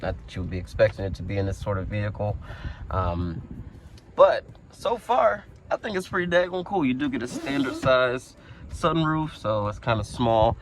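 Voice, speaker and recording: A man reviewing a vehicle in a casual walkaround, talking in a relaxed, conversational way with plenty of fillers, recorded outdoors. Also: on the low side, background noise. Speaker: car reviewer.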